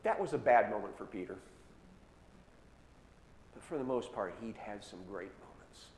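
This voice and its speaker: Guy preaching, casual storytelling, slows down on the big lines, lots of hall echo. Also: on the low side, expressive, a little mellow. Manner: retells scripture in casual modern words, slowing for emphasis. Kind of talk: sermon storytelling. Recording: echoey hall with long reverb, faint noise.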